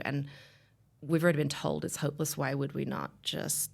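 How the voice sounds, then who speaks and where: Woman, 30s, podcast guest; low, strongly gravelly voice, earnest, rambling delivery. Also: level tone, moderate pace. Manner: earnest, rambling with many restarts and fillers. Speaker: guest telling her story. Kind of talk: podcast interview, personal story.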